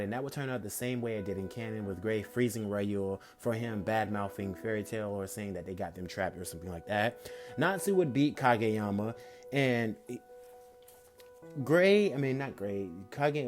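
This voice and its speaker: Give me a young man with a medium-pitched voice casually narrating a made-up story, correcting himself as he goes. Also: darkish tone. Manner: rambling, casual, lots of fillers and self-corrections. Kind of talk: improvised fan-fiction storytelling.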